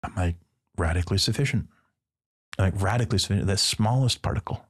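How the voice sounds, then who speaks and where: A man's voice: sits low, brisk. A man, a priest and podcast guest, telling a personal story in casual conversation and acting out the dialogue with playful asides. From Midwestern United States.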